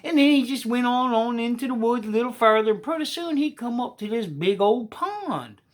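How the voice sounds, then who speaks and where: A woman's voice: fairly high pitch, lively intonation, moderate pace. A woman telling a children's story in a folksy, colloquial way and speaking straight to the young listeners.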